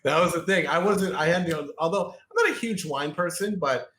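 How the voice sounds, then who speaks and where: A man's voice: fairly high pitch, fairly quick, a bit bright, slight background noise. A man who is a guest on an interview podcast, chatting casually in a rambling way over a video call. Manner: rambling, full of fillers and restarts.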